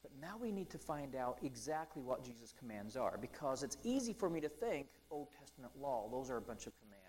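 A man preaching a conversational sermon, chatty and full of ums and asides, who slows down to read scripture aloud. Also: medium pitch, sing-song, a little mellow, low-quality recording.

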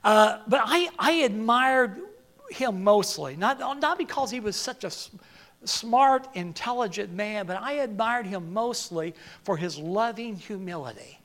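An older man preaching a sermon, halting and repeating words, then building to emphatic peaks. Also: high-pitched, fairly bright tone.

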